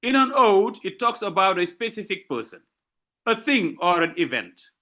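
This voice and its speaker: A man with a giving a university literature lecture, explaining terms slowly, repeating and rephrasing points, often checking in with "okay?". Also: high voice, very animated, pushed and bright. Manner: slow deliberate delivery with frequent rephrasing.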